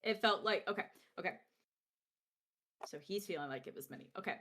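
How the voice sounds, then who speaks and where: A woman player describes what her character does in a tabletop game, halting and casual with many fillers. Her voice is mid-pitched and plain. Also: animated, fairly bright tone, slight background noise.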